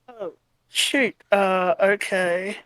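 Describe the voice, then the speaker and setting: A woman playing in a tabletop game, talking casually in an unhurried, questioning way. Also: medium pitch, fairly bright tone, rough recording. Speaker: player.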